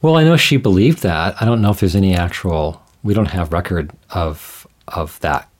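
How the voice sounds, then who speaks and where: A man explaining ideas in a measured, thoughtful way, often restarting his sentences as he talks things through. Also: low voice. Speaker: guest scholar. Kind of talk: conversational explanation.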